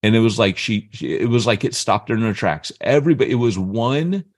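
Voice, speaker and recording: This podcast co-host, a man in his fifties, talks briskly in a voice on the low side. Animated and casual, he tells a story and performs the voices of its characters. The recording has no echo and studio quality.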